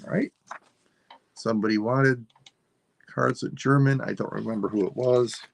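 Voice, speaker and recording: A man selling items on a live stream, thinking aloud in a rambling, unhurried way as he describes each piece. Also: medium pitch, fairly even intonation, gravelly. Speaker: online seller. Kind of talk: live-stream sales chat.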